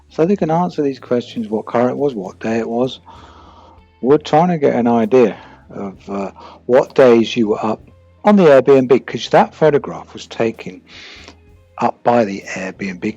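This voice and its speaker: Man, true crime commentator, rambling, questioning, husky voice, dull lo-fi sound. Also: lowish voice, a little mellow. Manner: rambling, asks questions aloud to absent people. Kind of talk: casual commentary monologue.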